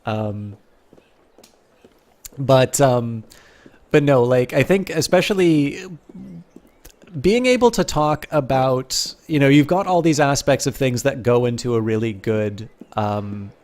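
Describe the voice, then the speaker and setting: A man chatting casually on a live stream at an ordinary mid pitch. He rambles, corrects himself often, and speeds up when he gets excited. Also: slow, long pauses.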